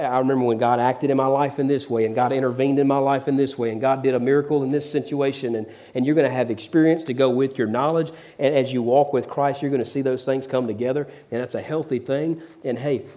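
A man delivering a sermon in a church with a warm, mellow tone. He preaches conversationally, tells stories and throws asides to the congregation. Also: medium pitch, fast talker, few pauses. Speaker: pastor.

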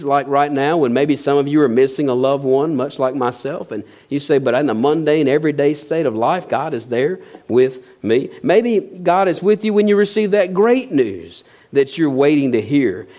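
A man's voice: a little high, a little mellow. A man preaching a sermon in a conversational way, asking the congregation rhetorical questions and now and then laughing lightly as he talks. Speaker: pastor.

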